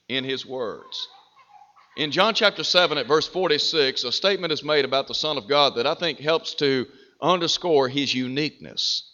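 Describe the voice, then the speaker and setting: A man preaching a sermon, slow and deliberate, with emphatic rises on key phrases. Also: fairly high pitch, sharp tone. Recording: dull reverberant hall.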